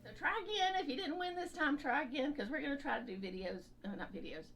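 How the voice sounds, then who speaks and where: A bubbly woman chatting casually as co-host, laughing often. Her pitch is lively and swings a lot. A faint hiss of noise sits under the recording. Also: quick pace. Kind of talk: casual chat.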